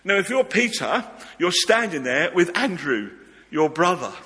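A man preaching a sermon in a lively, informal way, speaking directly to the congregation. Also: sits high, measured pace, husky. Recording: long reverb of a church hall.

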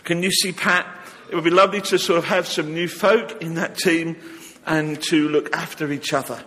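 A man's voice: fairly high pitch, fairly even intonation, moderate pace, sharp tone, a little hiss or hum. A man leading a church service, giving notices in a chatty, informal way with light humor, and reading a psalm. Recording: long reverb of a church hall.

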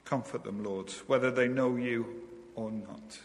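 A man leading a slow, gentle spoken prayer in church as minister, often repeating "Lord". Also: mid-range voice, fairly even intonation. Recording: hall reverb.

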